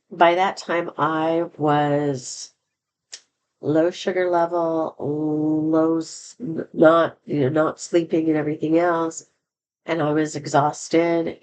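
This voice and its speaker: A woman's voice: low-pitched, a little mellow, a little hiss or hum, low-quality recording. A woman telling a personal story in a candid, rambling way, with many fillers and restarts. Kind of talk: casual storytelling monologue.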